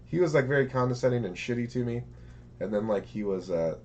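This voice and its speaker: A man from the United States co-hosting a podcast, talking in a relaxed way with many fillers. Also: medium pitch, fast, muffled recording, a little hiss or hum. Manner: relaxed, lots of filler words. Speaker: podcast co-host. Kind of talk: casual chat.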